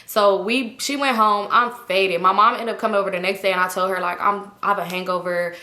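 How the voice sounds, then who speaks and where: A woman in her twenties telling a story in a casual storytime vlog, slangy and animated and acting out the voices she quotes. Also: mid-range voice, a little fast. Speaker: vlogger. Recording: echoey room.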